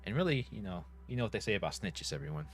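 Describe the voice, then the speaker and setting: Low-voiced guy rambling thru a let's play, lots of uhs, faint game music. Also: sing-song, racing. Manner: rambling, filler-heavy, chuckling. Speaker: gaming youtuber.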